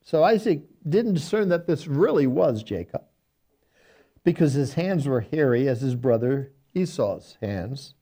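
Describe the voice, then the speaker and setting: Guy pastor doing bible study, warm low-key voice, reads the verses then chats them out folksy. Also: sing-song, a little slow. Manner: reads scripture aloud, then paraphrases it in folksy everyday speech.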